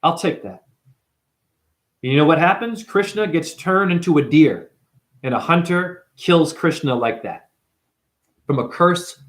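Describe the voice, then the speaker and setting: Man, spiritual teacher, confrontational preaching monologue, swears a lot, slightly raised pitch. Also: a bit bright. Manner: intense, confrontational, profane, fires rhetorical questions at the viewer.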